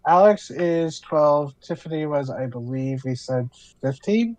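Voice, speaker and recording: A man's voice: fairly high pitch, animated, unhurried, a little mellow, rough recording. Rambling man narrating a tabletop game. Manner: rambling, full of "you know" and "like". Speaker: player.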